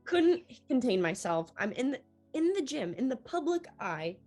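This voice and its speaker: A young woman, a newly accepted medical student, tells her story in an interview in an animated way, acting out the dialogue she quotes. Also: high-pitched, moderate pace, faint music behind.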